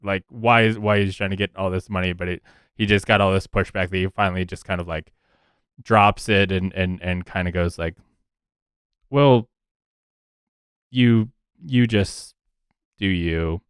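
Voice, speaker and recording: A man who hosts the show, narrating his character's actions in a halting manner with many fillers. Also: low-pitched, little pitch movement, a bit bright, smooth, dry recording, studio quality. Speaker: player and podcast host.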